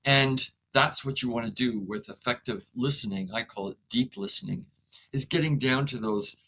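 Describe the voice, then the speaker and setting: A man being interviewed as a guest, speaking in a calm, reflective way and sometimes acting out short dialogues between people. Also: on the low side, a little fast, vocal fry, slight background noise, poor audio. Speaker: inventor and guest. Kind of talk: conversational interview.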